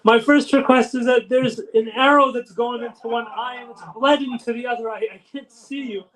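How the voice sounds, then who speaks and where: A wounded, devoted warrior speaks with earnest pleading, as a male preacher puts him on in his own high voice. The delivery is grave and quiet, set inside a spoken sermon rather than a drama. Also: fairly even intonation, moderate pace, poor audio.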